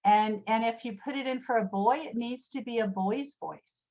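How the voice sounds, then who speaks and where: A woman's voice: on the high side, moderate pace, warm tone, lo-fi sound. A woman presenting a virtual workshop, chatty with many fillers and restarts, addressing attendees by name and telling classroom stories. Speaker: special education teacher. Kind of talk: virtual workshop talk with storytelling. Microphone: video call.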